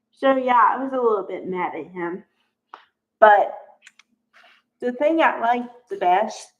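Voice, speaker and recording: A middle-aged woman giving a casual, animated recap of soap episodes, exasperated and acting out the characters' lines. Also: fairly high pitch. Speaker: soap opera recap host. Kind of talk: casual recap and opinion vlog. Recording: slightly dull lo-fi recording.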